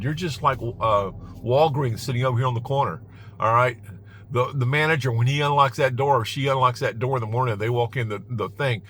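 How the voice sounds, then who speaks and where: A man's voice: mid-range voice, a bit bright, a little hiss or hum. A man giving casual advice in his car, emphatic and chuckling, repeating "all right?" to drive his points home.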